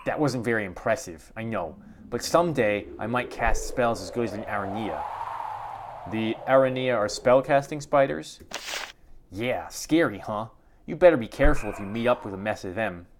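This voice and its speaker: A man's voice: lowish voice, animated, normal speed, noisy background. Brief: man voicing keen little spider wizard-wannabe, chirpy and boastful. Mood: eager. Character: eager young spider who wants to learn magic.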